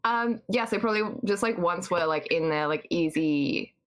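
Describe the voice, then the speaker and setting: A woman's voice: on the low side, normal speed. A woman playing a tabletop game, speaking politely and hesitantly with frequent fillers. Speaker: player. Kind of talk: tabletop role-play.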